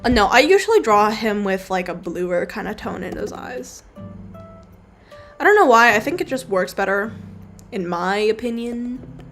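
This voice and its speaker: A woman's voice: medium pitch, expressive, normal speed, a bit bright. A young woman casually talking through her digital drawing, rambling and offhand, with the odd swear word. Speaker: digital artist streamer. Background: faint background music.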